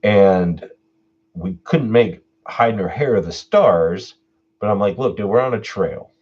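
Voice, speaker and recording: A man hosting his own live stream Q&A, telling a personal story in a laid-back way, swearing freely and getting animated when he retells what people said. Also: fairly low pitch, unhurried, muffled recording. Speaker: channel host doing a live stream Q&A.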